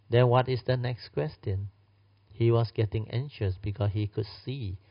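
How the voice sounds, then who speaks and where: A man teaching a Buddhist storytelling sermon in non-native English phrasing, acting out the dialogue and often adding tag questions. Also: lowish voice. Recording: dull lo-fi recording.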